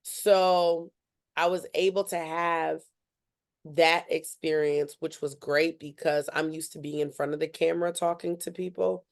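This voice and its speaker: A young woman, a student journalist, telling her story as a podcast guest in an animated way and acting out what others said. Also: low-pitched, unhurried, vocal fry. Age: young adult. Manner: animated, acts out other people's lines. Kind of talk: casual interview storytelling.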